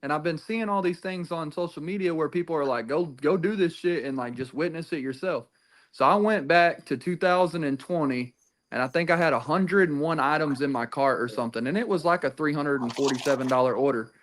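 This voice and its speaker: A man's voice: a little high, brisk, a bit bright. A man chatting casually about racing, rambling with frequent restarts and swearing. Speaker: podcast co-host.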